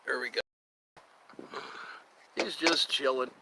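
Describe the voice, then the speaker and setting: A man's voice: mid-range voice, fairly even intonation, slow, noisy background. A man hosting a casual live stream outdoors, rambling, chatting to viewers and a cat, and breaking into bits of old songs. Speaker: livestream host. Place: outdoors near a yard or forest edge.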